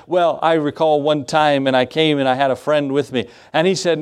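A man's voice: on the high side, steady tone, moderate pace, clear, resonant tone. Man preaching a folksy sermon. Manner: folksy storytelling with scripture reading. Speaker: pastor.

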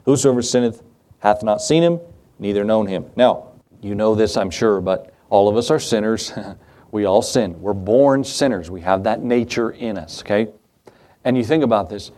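Male preacher, animated pitch, conversational sermon with rhetorical questions. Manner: reads scripture in King James wording. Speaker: pastor.

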